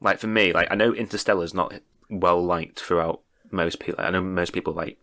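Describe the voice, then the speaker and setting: A man with a very low voice talks through a film in casual podcast chat. He co-hosts the show and is opinionated, explaining his views at length. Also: steady tone, a little fast, fairly bright tone. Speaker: podcast co-host.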